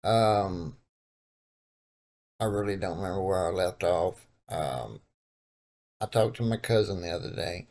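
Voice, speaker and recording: A man's voice: sits low, a little slow, pauses often, darkish tone. A man from Texas with a Texan accent, telling a story to his viewers in a laid-back, meandering way. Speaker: vlogger. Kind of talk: casual storytelling.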